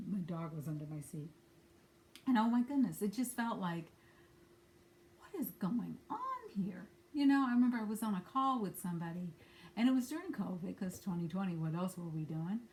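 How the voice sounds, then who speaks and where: A woman's voice: mid-range voice, a little mellow. A woman giving a spiritual angel-card reading at home, talking candidly and swearing now and then. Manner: candid, blunt, swears casually. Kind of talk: spiritual guidance talk. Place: at home with a dog nearby.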